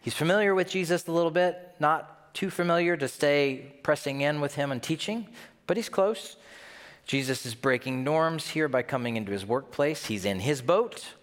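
A man preaching a sermon as pastor in a conversational, animated way, acting out scenes as he tells them. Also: on the high side, moderate pace, big-room sound.

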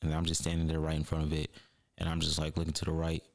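A man with a very deep, low voice. He tells stories in a loose, slangy way and laughs easily. He is a guest on a casual podcast chat. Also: monotone, fast talker, creaky. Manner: laid-back storyteller, slangy, laughs often.

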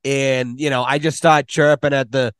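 A man's voice: mid-range voice, level tone, normal speed, fairly bright tone, clean tone, dry recording, studio quality. A man in casual podcast conversation, telling rambling stories full of swearing. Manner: swears often, rambling storyteller.

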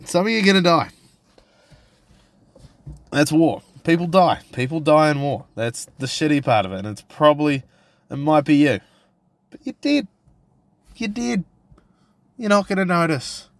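A man's voice: on the high side, expressive, normal speed, pauses often, dry recording. Brash, foul-mouthed New Zealand man ranting. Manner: crude, profane and provocative, full of restarts. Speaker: podcast host. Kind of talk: casual solo podcast rant.

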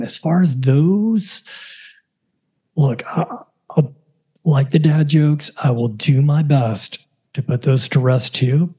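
Joking dad hosting a podcast. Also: male voice, medium pitch, warm tone, husky. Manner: self-deprecating, joking, rambling. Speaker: podcast host. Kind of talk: casual solo podcast talk.

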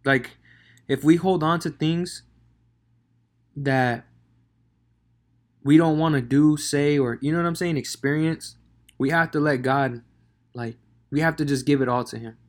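A man's voice: a little high, unhurried, pauses often. A man giving a casual devotional talk on scripture, slangy and conversational with many fillers. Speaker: devotional speaker.

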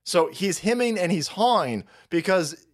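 A man's voice: high voice, expressive, measured pace. A man hosting a livestream, ranting profanely and mockingly in political commentary. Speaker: livestream host.

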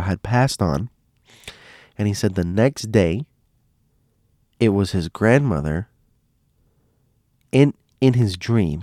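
A man's voice: fairly low pitch, a little mellow, no room sound, studio quality. A man telling stories in a loose, casual way, often repeating himself and restarting phrases. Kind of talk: casual spoken storytelling.

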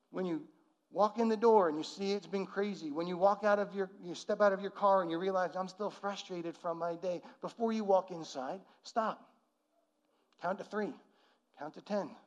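A man preaching a sermon, earnest, moving between loud emphasis and soft, low, prayerful passages. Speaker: pastor.

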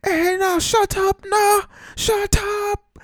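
A man voicing a furious male substitute gym teacher, yelling in an imitated West Indian accent and stretching out his words. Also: very high-pitched, flat delivery, takes it slowly, dry recording, clean studio sound, pitched above the performer's own voice, full character voice. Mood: yelling angrily.

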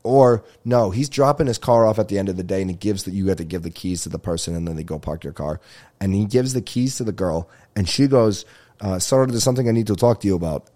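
A man's voice: low voice, expressive, fairly quick, dark tone. A male comedian hosting his own podcast, telling rambling stories with swearing and laughter. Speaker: podcast host. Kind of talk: casual comedic monologue.

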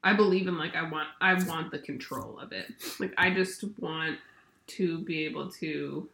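A woman's voice: sits low, normal speed, vocal fry, fairly bright tone, slight background noise. Chatty woman in a roomy space. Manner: chatty, lots of fillers, acts out quotes. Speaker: podcast co-host, parent. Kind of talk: casual chat. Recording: roomy echo.

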